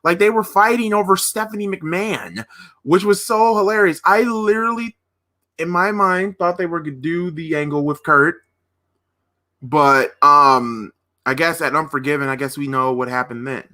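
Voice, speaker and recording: A man hosting a live watch-party stream, reacting with excited, rambling commentary that often breaks off mid-sentence. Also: a little high, normal speed. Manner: restarts and trails off mid-sentence.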